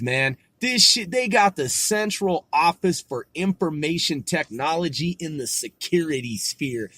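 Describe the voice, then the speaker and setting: A man hosting a casual solo podcast, talking in a profane, excitable, rambling way, laughing at himself and stumbling over foreign words. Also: on the high side, no echo. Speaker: podcast host.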